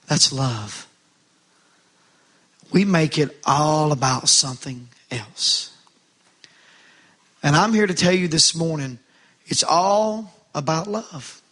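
A bright, high-pitched male preacher in the middle of a fervent sermon. He speaks straight to the congregation, asking them questions and pressing them to answer. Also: animated, slow, pauses often, husky. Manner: preaching with rising fervor, calls to the congregation.

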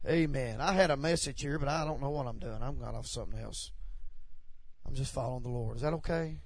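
A man preaching a sermon in a church, swinging between loud, passionate appeals and quiet, confiding asides. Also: medium pitch, brisk, dry recording. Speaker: pastor. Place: church sanctuary.

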